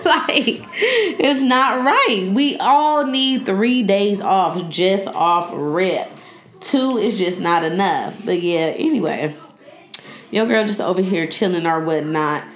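A young woman hosting a podcast in a casual, joking chat style, loud and animated. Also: medium pitch, takes it slowly. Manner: loud, joking and animated, talks back to the screen. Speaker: podcast host. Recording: echoey room.

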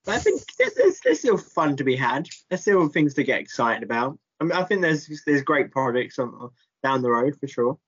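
Laughing podcast co-host. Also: male voice, mid-range voice, big pitch swings, normal speed, hardly any pauses, breathy edge, muffled recording. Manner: laughs often, self-deprecating. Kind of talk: casual chat.

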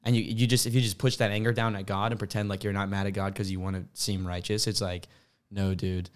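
A man's voice: lowish voice, level tone, fast, clean tone. A young man co-hosting a faith podcast, talking openly and earnestly in casual slang. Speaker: podcast co-host. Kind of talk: candid faith podcast chat.

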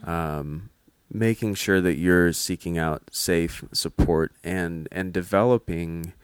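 A man's voice: low voice, slow pace, clean tone, dry recording, studio quality. A man, a clinician, explaining patiently in casual podcast talk with many restarts. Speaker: mental health clinician guest.

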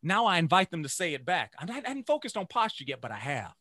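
A man who teaches music, giving an energetic motivational talk to teachers and chanting phrases in rhythm. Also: sits high, fast, dry recording, clean studio sound. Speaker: music educator.

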